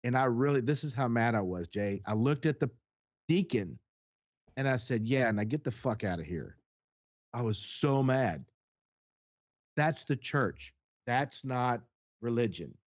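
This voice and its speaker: Blunt, animated man telling a story. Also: medium pitch, unhurried, pauses often, dull audio. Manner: animated storyteller acting out quoted exchanges, blunt and profane. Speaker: podcast co-host. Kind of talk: casual chat, storytelling.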